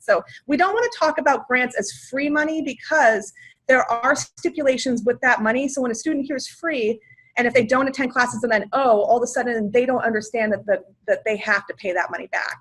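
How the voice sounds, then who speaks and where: A woman's voice: on the high side, brisk, fairly bright tone. Upbeat woman presenting a webinar. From Washington state, USA. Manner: upbeat, enthusiastic, chatty with filler words. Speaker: financial aid outreach presenter.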